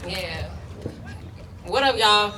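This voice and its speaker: A woman's voice: mid-range voice, animated, drawn-out words, crowd noise. A young woman giving an impassioned, emotional speech at a protest, speaking bluntly and getting worked up. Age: young adult. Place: outdoor protest. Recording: distant, echoey, faint noise.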